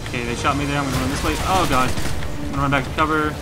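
A man doing jokey, excitable let's play commentary, exclaiming at the game as he plays. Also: mid-range voice, racing. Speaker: gaming commentator. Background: loud game music and gunfire.

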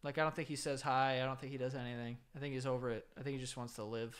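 A man's voice: medium pitch, level tone, very fast. A young man co-hosting a podcast, chatting casually and profanely with plenty of laughter. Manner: laughing, profane, playfully indignant. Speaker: podcast co-host. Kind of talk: casual comedic chat.

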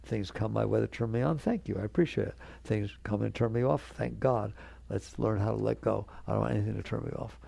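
A man's voice: lowish voice, fairly quick, gravelly, mellow, no room sound. A man giving a spiritual talk to an audience, earnest and conversational, coaxing his listeners along. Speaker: spiritual teacher.

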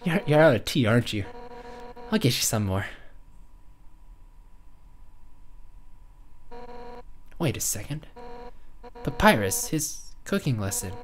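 A woman voicing a brash, hot-headed fish warrior woman who heads the guard, in a loud, boisterous manner. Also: very deep voice, very animated, moderate pace, slight background noise. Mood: fired up. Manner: loud, boisterous, bursts of shouting. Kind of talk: reading game dialogue aloud in a let's play.

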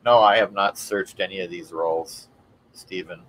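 A man's voice: sits low, fairly even intonation, normal speed, a bit bright, slight background noise, rough recording. A man co-hosting a live online coin auction, greeting bidders by name and showing the coins. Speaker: auction host.

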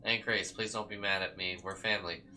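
A troubled young girl who pleads and insists, with a very bright, forceful tone, as a man reads her lines. She comes across earnest and desperate. The voice sits a little low. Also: fairly even intonation, fairly quick. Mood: begging.

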